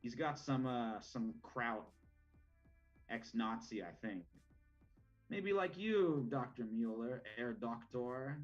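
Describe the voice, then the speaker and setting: A man playing a smooth, scheming older mob boss. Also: mid-range voice, expressive, takes it slowly, lo-fi sound, soft background music. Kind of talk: tabletop role-play.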